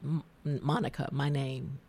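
Speaking a little slowly in a steady tone, this middle-aged Southern woman has a rumbling low, creaky voice that's a little mellow with a breathy edge. She hosts a laid-back radio talk show with a Southern US accent, drifting off on emotional, tangential stories.

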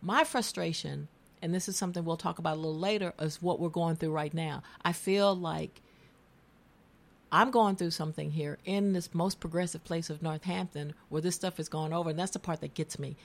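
A middle-aged woman from the American South hosts a casual radio talk show, telling stories that wander off on emotional tangents in her Southern US accent. Her voice sits low and creaky, with a steady tone and a slightly quick pace.

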